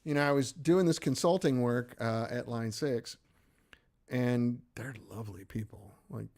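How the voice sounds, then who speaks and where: A man's voice: medium pitch, a little slow, a little mellow. A middle-aged American man hosting a livestream, chatting loosely and self-deprecatingly as he answers viewer comments. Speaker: livestream host. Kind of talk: casual chat reading viewer comments.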